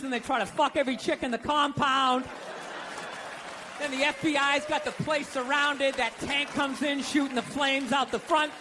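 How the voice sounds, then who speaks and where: Stand-up man, very high bright tenor, sarcastic ranting, live stage mic with a faint crowd. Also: noisy background. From United States. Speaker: stand-up comedian. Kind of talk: stand-up routine. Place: comedy stage before a live audience. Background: audience laughter.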